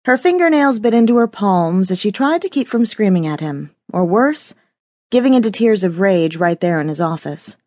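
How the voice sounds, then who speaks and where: A woman narrating a novel in a measured, expressive scripted reading. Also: mid-range voice, no echo. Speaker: audiobook narrator.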